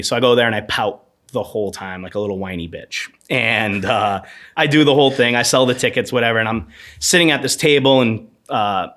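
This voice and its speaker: A man in his thirties, a podcast guest, telling rambling animated anecdotes about his bartending years in a casual interview. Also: mid-range voice, brisk.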